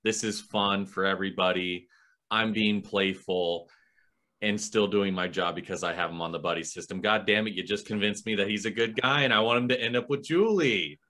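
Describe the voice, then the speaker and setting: Bright-voiced man on a podcast. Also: lowish voice, moderate pace. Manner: laughing, self-deprecating, acts out characters. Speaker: podcast co-host. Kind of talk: casual movie review chat.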